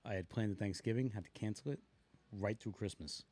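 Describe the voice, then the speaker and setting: A man's voice: fairly low pitch, a little fast, warm tone. A middle-aged man co-hosting a podcast, telling funny stories animatedly and laughing through them. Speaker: podcast co-host. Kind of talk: casual storytelling.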